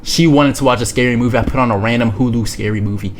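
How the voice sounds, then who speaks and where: A young man telling a story from his own life as a streamer, rambling, slangy and repeating himself, sometimes dropping to a hushed low voice. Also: fast, a little hiss or hum. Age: young adult. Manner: drops to a hushed low voice for spicy parts. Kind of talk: casual storytelling.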